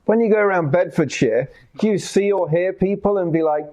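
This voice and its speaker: A man's voice: high voice, a little fast, few pauses, dark tone. An English-born man hosting a conversational interview, asking playful, curious questions. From England. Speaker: host.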